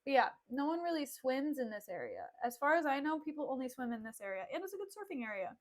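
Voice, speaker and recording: A woman's voice: sits high, sing-song, quick pace. A woman streamer chatting casually on a desk mic, filling her talk with "like" and laughing often. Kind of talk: casual livestream chat and play recap.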